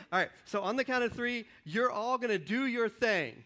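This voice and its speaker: On a church stage before his congregation, a pastor with a high, bright voice gives a lively sermon with audience participation, upbeat and joking as he calls volunteers up, counts them in and then moves to his message. He sounds animated but a little slow through the stage microphone.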